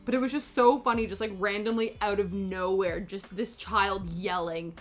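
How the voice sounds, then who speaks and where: A woman's voice: mid-range voice, fairly even intonation, moderate pace, soft background music. A woman in her thirties chatting casually while painting her nails, rambling with lots of fillers. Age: 30s. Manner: rambling, filler-heavy storytelling. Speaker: nail-painting vlogger.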